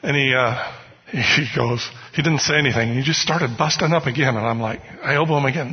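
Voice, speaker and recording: Preaching at a fast clip, this man has a steady, medium-pitched voice with a breathy edge. He tells personal stories in a chatty storytelling style, frequently asking "you know what?", captured in a muffled hall with long reverb.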